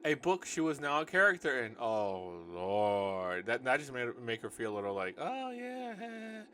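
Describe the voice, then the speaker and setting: A man gives an animated, quick-paced reading of his own novel, his mid-range voice pushed and bright. He's loose and joking, constantly interrupting himself to mock and correct the writing, and there's a little hiss or hum in the recording.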